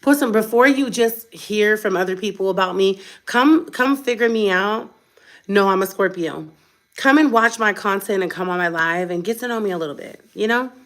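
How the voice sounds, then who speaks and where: A woman's voice: mid-range voice, moderate pace, fairly bright tone. Blunt, tired woman vlogger. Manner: blunt, defiant, chatty and emphatic. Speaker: vlogger, mother. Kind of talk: unscripted direct-to-camera rant.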